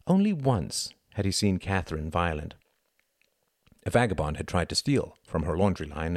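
Deep-voiced man narrating a novel. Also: very animated, no room sound, studio quality. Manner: quiet, measured storytelling. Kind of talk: audiobook narration.

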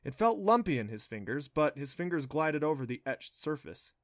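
A man reading a children's novel aloud as an audiobook narrator, in steady storytelling. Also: fairly high pitch, moderate pace, no room sound, clean studio sound. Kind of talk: scripted narration.

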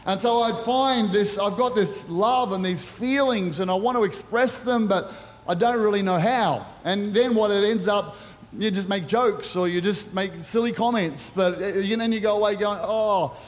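A man's voice: sits high, moderate pace, a little hiss or hum. A middle-aged man preaching as a pastor at a church service, earnest and personal with touches of light humor. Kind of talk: sermon. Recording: reverberant church hall.

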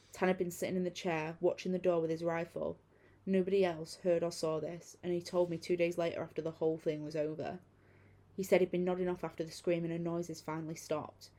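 A woman with a lowish, warm voice reads a first-person horror story aloud. Her retelling is casual and profane, with lots of fillers.

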